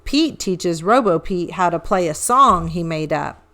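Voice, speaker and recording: A woman reading a children's storybook aloud with an expressive, animated storytelling manner. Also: lowish voice, measured pace, over loud music. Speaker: children's book reader.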